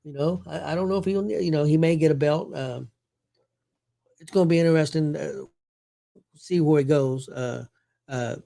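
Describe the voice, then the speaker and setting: A man's voice: fairly high pitch, moderate pace, vocal fry, pauses often, dark tone. A man hosting a casual sports talk show, rambling with fillers and self-corrections. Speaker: show host.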